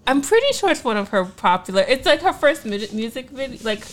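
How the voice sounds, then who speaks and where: A woman's voice: sits high, very animated, brisk, slight background noise. A woman co-hosting a podcast in casual chat, candid and profane, with lots of fillers. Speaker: podcast co-host.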